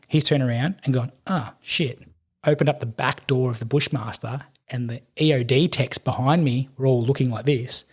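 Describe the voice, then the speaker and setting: A middle-aged Australian man telling a war story in casual chat, animated and swearing, acting out the quotes. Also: medium pitch, husky. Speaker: podcast guest, army veteran.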